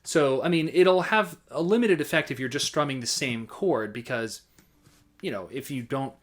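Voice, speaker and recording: A man teaching accompaniment rhythms in a casual, halting way, often singing rhythm patterns in nonsense syllables. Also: medium pitch. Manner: relaxed, halting, vocalizes rhythms with scat syllables. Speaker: music teacher. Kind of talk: casual instructional talk.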